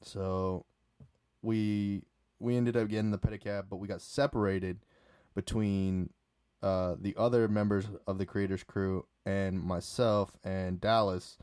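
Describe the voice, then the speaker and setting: A man's voice: fairly low pitch, fairly even intonation, a little slow, a little mellow, smooth, no echo, clean studio sound. A man hosting a solo podcast, telling a night-out story in a casual, rambling way with lots of fillers and restarts. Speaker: podcast host.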